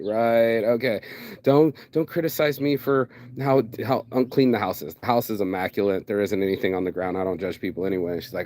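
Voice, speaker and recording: Male vlogger with an animated, profane storytelling delivery, voicing every side of the exchange himself. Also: fairly low pitch. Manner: animated, acts out both sides of conversations, swears. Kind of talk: casual storytelling rant.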